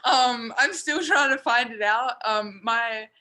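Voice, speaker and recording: A woman's voice: a little high, slow. A young Australian woman, a college basketball player, chatting easily on a video call. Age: young adult. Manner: relaxed, laughs between thoughts. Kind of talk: casual video-call interview.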